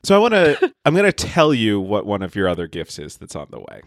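A man's voice: fairly low pitch, wildly swooping pitch, a little fast, creaky. A man co-hosting a podcast in casual banter, playful and giggly. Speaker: podcast co-host.

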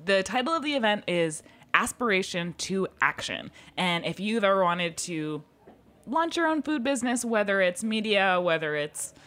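A woman's voice: medium pitch, lively intonation, normal speed, a bit bright. A woman co-hosting a radio show in a studio, playful and enthusiastic as she reads announcements. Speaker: radio program manager and co-host. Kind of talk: casual studio chat, reading announcements. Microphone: studio microphone.

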